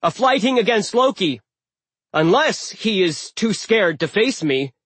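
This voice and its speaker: A brash teenage boy hero, read by a man in a storybook reading. The voice rises high and loud in challenge, dry and close to the mic. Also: sing-song, unhurried, breathy edge, dry recording, full character voice. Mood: defiant. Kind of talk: audiobook character voice.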